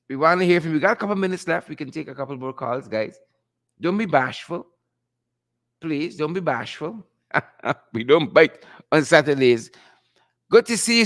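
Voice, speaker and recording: Playful live-stream host. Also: male voice, a little high, fairly bright tone. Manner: playful, chuckling, repeats catchphrases. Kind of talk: live-stream call-in show.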